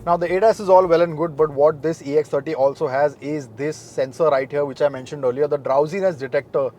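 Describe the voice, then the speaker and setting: A man talks through a car review, calm and informative. His voice sits a little on the high side, and soft music plays underneath. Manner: measured, informative, matter-of-fact.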